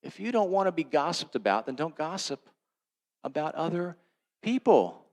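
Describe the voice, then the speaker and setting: A man's voice: fairly high pitch, sing-song, moderate pace. Storytelling man preaching a sermon. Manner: conversational storytelling, swings from loud to hushed. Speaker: pastor.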